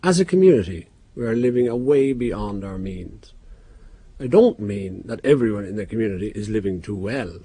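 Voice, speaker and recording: A man giving a formal public address in a measured, grave manner. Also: on the low side, lively intonation, dark tone.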